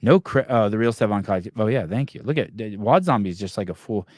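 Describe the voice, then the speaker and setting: Here the podcast host's lowish, slightly mellow voice has lively intonation and a fairly quick pace. He chats casually, reads live comments, and rants in a profane, rambling way, often starting over. The studio sound is clean, with no room sound.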